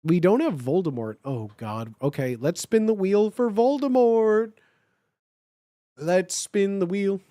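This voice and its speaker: A streamer giving a comedic dramatic reading of fan fiction, breaking off into animated, swearing asides. The voice swings widely in pitch, the pace is unhurried, and the sound is dry and close to the mic. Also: dry recording. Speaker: streamer host.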